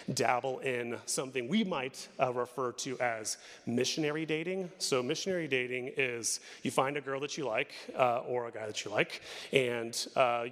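A man's voice: mid-range voice, fairly bright tone. A man as a pastor, preaching a sermon in a candid, storytelling way and poking fun at himself. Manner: candid, storytelling, self-deprecating. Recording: long reverb of a hall.

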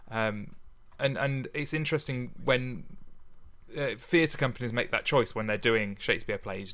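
Bright-voiced man chatting. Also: fairly low pitch. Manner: chatty, animated, laughs often. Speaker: podcast co-host. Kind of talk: casual chat.

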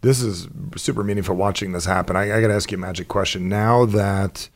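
A man hosting a podcast, asking quick teasing questions and encouraging his guest in casual chat. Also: on the low side, fairly even intonation, dry recording. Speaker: podcast host.

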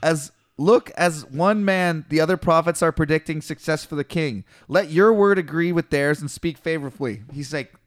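A man with a slightly high voice reads a scripture story aloud in a loose, chatty way. He breaks off into slangy, profane retellings and mimics the characters as he goes. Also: moderate pace, few pauses. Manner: animated, swears, mimics biblical figures in slangy voices. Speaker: podcast co-host reading scripture. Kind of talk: casual irreverent chat reading aloud.

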